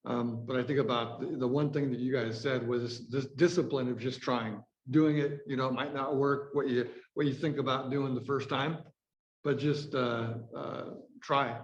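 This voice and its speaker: Flat-toned man on an echoey call. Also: medium pitch, moderate pace. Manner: hesitant, many ums. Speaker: training participant. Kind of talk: casual discussion. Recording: muffled echoey call with faint noise.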